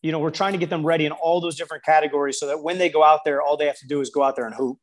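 A man's voice: a little high, racing. A man who works as a basketball skills coach, telling stories in an interview and acting out the people he quotes. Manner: storytelling, quotes people in lively voices. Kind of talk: interview conversation.

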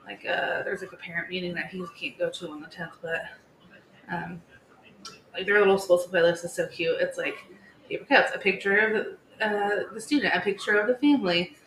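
A woman in her thirties, co-hosting a podcast in casual chat, telling stories in a chatty, animated way with many "like"s. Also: lowish voice, a little fast. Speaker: podcast co-host. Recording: echoey room with faint background hiss.

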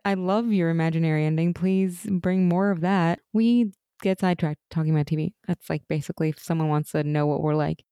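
A woman's voice: low-pitched, a little fast, few pauses, clear, resonant tone, no echo, clean studio sound. A woman co-hosting a casual TV recap podcast, retelling scenes and acting out the characters' lines with frequent laughs. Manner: animated retelling, acts out quoted lines, laughs often. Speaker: podcast co-host.

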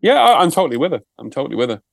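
A man's voice: medium pitch, very animated, racing, vocal fry, no room sound. Dry-voiced man bantering. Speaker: podcast co-host. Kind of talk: casual comedic chat.

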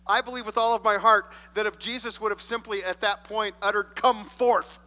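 A man preaching a sermon, reading scripture and acting out the voices he quotes with expressive shifts. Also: high-pitched, moderate pace. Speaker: pastor. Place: church sanctuary. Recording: long hall reverb.

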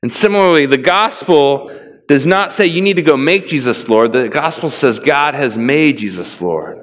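Give me a man preaching a relaxed, chatty sermon in a big echoing hall. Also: normal speed. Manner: casual and conversational, acts out dialogue with rising pitch. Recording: long hall reverb.

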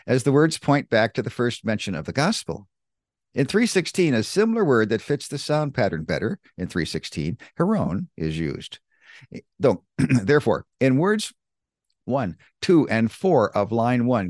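Male bible teacher, lively pitch, emphatic and careful, close dry mic. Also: dry recording. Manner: deliberate, emphatic, spells out key words.

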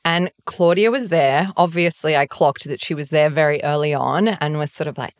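A woman's voice: sits low, expressive, normal speed, dry recording, clean studio sound. A woman from Australia, a guest author in a podcast conversation, telling stories with animation and acting out her own dialogue.

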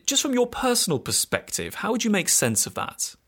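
A male show host whose pitch rises and falls a lot as he introduces segments and guests. His delivery is enthusiastic and upbeat. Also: huge pitch swings, brisk. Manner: bright, enthusiastic interviewer. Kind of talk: radio show presenting.

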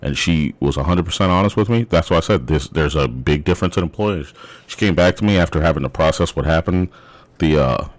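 A man's voice: rumbling low, a little fast, dry recording. A young adult man casually recounting a work story, rambling with frequent restarts.

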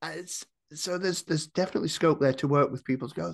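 A man talking as a podcast guest in casual chat, animated, often restarting his sentences. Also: a little high, fairly quick, vocal fry, hardly any pauses. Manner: animated, restarts a lot, acts out quoted voices.

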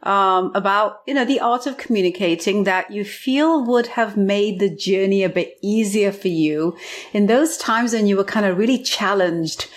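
A woman hosts the interview and asks long, winding questions. She circles back and restarts as she goes. Her voice sits at a middle pitch. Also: normal speed. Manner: rambling, repeated restarts when asking questions. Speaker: interviewer host. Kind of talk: conversational interview.

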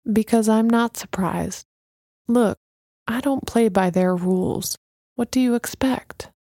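A woman voicing a calm, mystical woman who speaks in a serene, knowing, unhurried way. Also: a little high, no room sound, studio quality.

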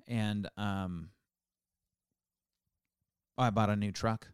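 Low, smooth-voiced man telling a story. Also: fairly even intonation, extremely slow, dry recording, studio quality. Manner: rambling, storytelling with fillers and restarts. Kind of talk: casual chat.

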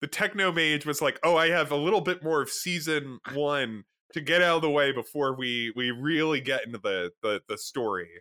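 A man guiding a casual podcast conversation. His voice is somewhat high, bright and forward. He rambles, restarts his sentences and circles back. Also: moderate pace, few pauses. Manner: steers the talk, rambling with many restarts. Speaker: podcast co-host. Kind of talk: casual chat.

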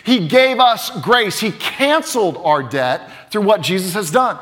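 A male pastor preaching a sermon, earnest and emphatic, dropping to a hush for weight, in a church sanctuary. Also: high-pitched, expressive, unhurried, in a large hall. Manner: earnest, emphatic, swings between loud and hushed.

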